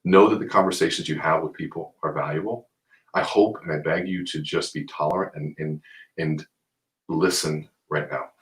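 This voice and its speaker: A man's voice: very deep voice, steady tone, moderate pace, poor audio. A man being interviewed on a live video call, telling stories with energy and giving earnest, urging advice. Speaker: guest speaker on mindset.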